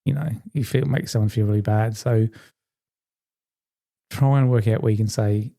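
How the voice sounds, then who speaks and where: A man's voice: lowish voice, fairly even intonation, moderate pace, gravelly, mellow. A man hosting a podcast, giving earnest self-help advice in a conversational way with many fillers. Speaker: podcast host.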